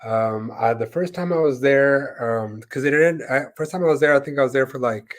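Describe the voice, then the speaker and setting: A man's voice: mid-range voice, normal speed. A man co-hosting an interview show, telling a long story in casual chat, rambling with many fillers and acting out the voices of people he quotes. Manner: rambling, full of "like" and "you know", acts out quoted voices. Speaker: co-host.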